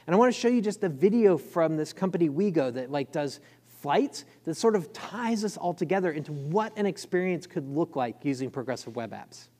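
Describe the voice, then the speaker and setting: A man giving a conference talk, quick and excited, with lots of fillers. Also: fairly high pitch, a little hiss or hum. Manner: fast, enthusiastic, filler-heavy. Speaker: conference speaker. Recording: long hall reverb.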